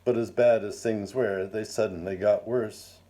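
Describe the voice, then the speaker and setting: A man reading his own first-person story aloud in a measured, wry and formal manner. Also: fairly low pitch, fairly even intonation, warm tone.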